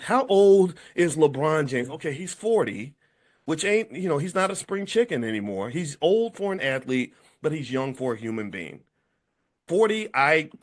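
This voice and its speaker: A man in his fifties giving an animated monologue, telling stories and acting out what people said. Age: 50s. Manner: animated storytelling, acts out quotes with big pitch jumps. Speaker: commentator. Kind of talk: casual monologue to camera.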